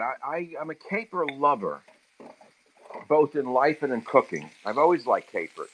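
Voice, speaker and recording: Forceful man ranting while he cooks. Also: medium pitch, sing-song, normal speed, low-quality recording. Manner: ranting, crude, heated asides while cooking. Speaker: host cooking on a livestream. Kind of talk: casual cooking livestream talk. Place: home kitchen. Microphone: handheld phone camera. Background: sizzling frying pan.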